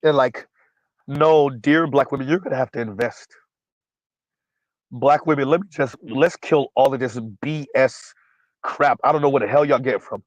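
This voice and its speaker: A man's voice: mid-range voice, normal speed, no echo, lo-fi sound. A man hosting a livestream, speaking bluntly and emphatically, repeating his points, and stumbling over fillers while he recalls names. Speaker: livestream host. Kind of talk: casual livestream commentary.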